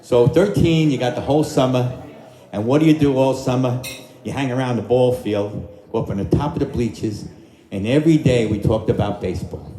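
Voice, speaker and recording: A man's voice: mid-range voice, fairly quick, mellow. An older man, a dinner-show singer telling joking, folksy stories between songs to a live restaurant crowd. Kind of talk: crooning oldies and telling stage stories. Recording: roomy live restaurant with backing music.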